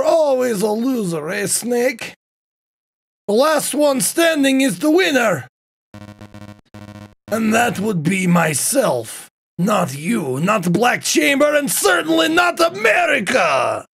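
Brief: man doing a sneering game villain general, gravelly, pitch leaping all over, taunting. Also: big pitch swings, takes it slowly, few pauses, faint music behind, heavily acted. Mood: gloating. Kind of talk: reading game dialogue aloud on a stream.

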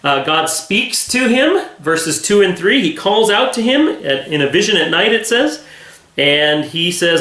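A male pastor leads a Bible study in an earnest, chatty way, pausing on fillers as he thinks. His voice sits a little high, and the sound rings in an echoey room. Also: very animated, pushed and bright. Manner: earnest, conversational, full of fillers. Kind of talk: Bible study devotional talk.

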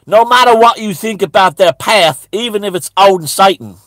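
Man acting zealous stammering preacher, high-pitched, sharp tone, indignant rant. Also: normal speed, no echo. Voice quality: stammering, repeating words. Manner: rambling, indignant, breaks into high shouts. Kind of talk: satirical character monologue.

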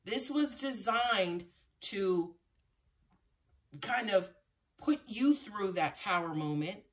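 A woman with a mid-range, fairly bright voice, heard far from the mic, reads tarot live for viewers. Her talk is casual and full of swearing, with lots of laughter and direct address to the audience.

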